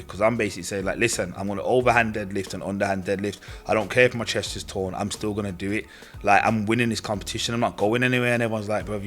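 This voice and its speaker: A man's voice: on the low side, sharp tone. A young man telling his own story in casual, slangy speech, acting out what others said to him. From Britain. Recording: faint music behind voice.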